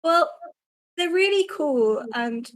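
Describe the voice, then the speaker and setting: Slow, hesitant woman player. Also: sits high, animated, dry recording, poor audio. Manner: hesitant, many ums and restarts. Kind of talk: casual in-character play.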